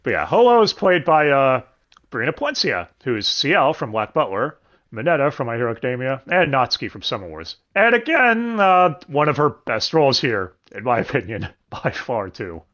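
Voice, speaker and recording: A man's voice: mid-range voice, huge pitch swings, normal speed, a bit bright. A man co-hosting a casual podcast, talking animatedly about an anime dub, swearing freely and laughing often. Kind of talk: casual chat.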